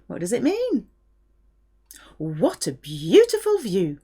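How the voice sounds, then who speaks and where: A middle-aged woman from France giving a language lesson, patiently explaining and modelling phrases clearly. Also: medium pitch, huge pitch swings, takes it slowly, dark tone. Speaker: French teacher.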